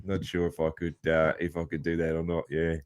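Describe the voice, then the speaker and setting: A man's voice: low voice, completely flat delivery, brisk, smooth. Laid-back Australian man hosting a podcast. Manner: laid-back, rambling, many fillers and "man". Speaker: podcast host. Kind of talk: casual interview chat.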